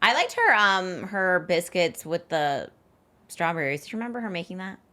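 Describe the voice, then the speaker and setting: Woman co-host, relaxed chat, lowish pitch, bright tone. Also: normal speed. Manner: relaxed, laughing asides and short reactions. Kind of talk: casual chat.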